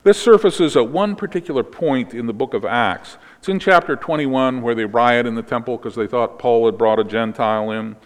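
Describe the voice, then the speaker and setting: A man's voice: medium pitch, moderate pace, few pauses. Man preaching in a reverberant space. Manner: explanatory teaching, ends in prayer. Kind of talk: sermon.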